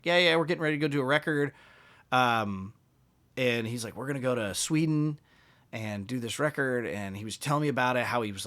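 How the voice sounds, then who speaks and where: A man, a musician, telling stories casually as a podcast guest and acting out the people in them. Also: medium pitch. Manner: animated, acts out quoted dialogue. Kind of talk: casual storytelling.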